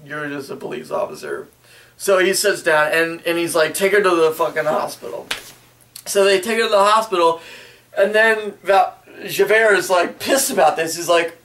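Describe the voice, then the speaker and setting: Crude rambling young man, high voice. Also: a bit bright, recorded from a distance, slight background noise. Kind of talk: casual comedic retelling.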